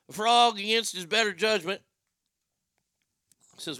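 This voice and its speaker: A man's voice: high voice, unhurried, pauses often, bright, forceful tone, no echo. A man hosting a radio talk show, telling crude comic stories with acted voices in a brash, riffing way from a studio mic.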